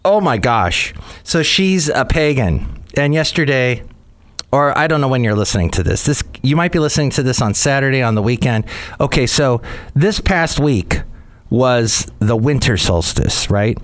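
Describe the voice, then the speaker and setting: A man's voice: medium pitch, sing-song, moderate pace. A man hosting a comedy podcast, telling a rambling story with lots of repeated words. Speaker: podcast host. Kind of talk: casual comedy podcast monologue.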